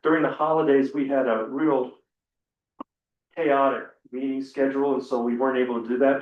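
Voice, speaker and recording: A man, the town administrator, explaining a code of conduct to the board in a measured, accommodating way. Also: mid-range voice, echoey room, rough recording. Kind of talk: public meeting explanation.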